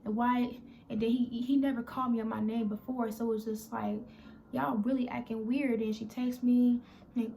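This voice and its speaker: Young woman with a gravelly, higher-pitched voice. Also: level tone, normal speed, mellow, a little hiss or hum. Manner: candid, rambling, restarts and quotes others. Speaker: vlogger. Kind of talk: emotional storytime vlog.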